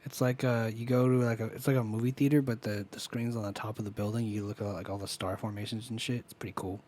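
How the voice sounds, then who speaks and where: Excited man nerding out on a podcast. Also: fairly low pitch, fast talker, slight background noise. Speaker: podcast co-host. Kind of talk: casual chat.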